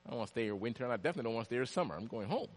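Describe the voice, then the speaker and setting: A man preaching a storytelling sermon, swinging from loud, high bursts to hushed asides. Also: expressive, very fast. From Jamaica. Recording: long hall reverb.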